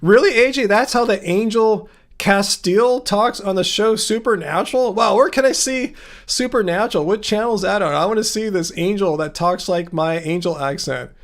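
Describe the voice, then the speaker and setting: A man hosting a live Q&A stream, reading chat comments and answering with playful sarcasm. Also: high voice. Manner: sarcastic, playful, quick retorts. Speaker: livestream host.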